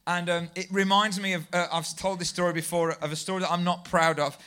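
Man, preaching, animated storyteller, high voice. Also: brisk, clear, resonant tone. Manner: animated storytelling, self-deprecating, rising to near shouts. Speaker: pastor. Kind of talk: sermon.

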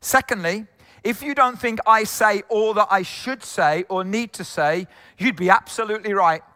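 A man's voice: sits high, normal speed, sharp tone, big-room sound. A man from England preaching a conversational sermon with jokes and asides. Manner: conversational, jokey, many asides. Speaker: pastor.

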